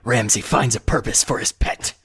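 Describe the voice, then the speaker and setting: A man putting on a gruff, low tough-guy voice, like an action-movie star, to read an episode recap. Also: normal speed, fairly bright tone, exaggerated voice. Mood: menacing deadpan.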